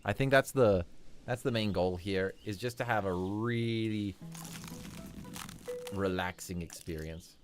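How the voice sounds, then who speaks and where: A man hosting a relaxed game livestream in casual commentary, upbeat and chuckling often. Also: fairly low pitch, a little slow, pauses often, soft background music. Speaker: livestream host.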